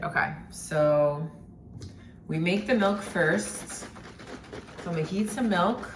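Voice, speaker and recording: A woman's voice: deep voice, a little slow, long pauses, a little hiss or hum. A woman chatting casually in a day-in-my-life vlog from her home kitchen, rambling and swearing often as she moves around. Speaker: vlogger, identity coach.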